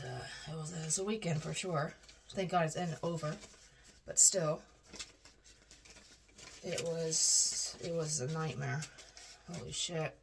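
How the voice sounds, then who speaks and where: A woman's voice: low voice, background noise. A woman telling a personal story casually, rambling with frequent restarts and self-corrections.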